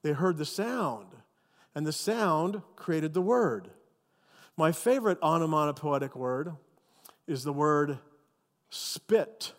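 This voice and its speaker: A male pastor preaching a sermon with animated, emphatic storytelling. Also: fairly high pitch, measured pace, in a large hall.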